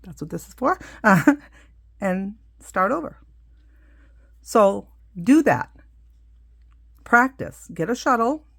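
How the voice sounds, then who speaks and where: A woman's voice: medium pitch, very animated, takes it slowly, creaky, pauses often, a bit bright. A middle-aged woman casually demonstrating a craft, chatty and full of asides as she works. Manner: chatty, explains hands-on with many asides. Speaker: craft teacher.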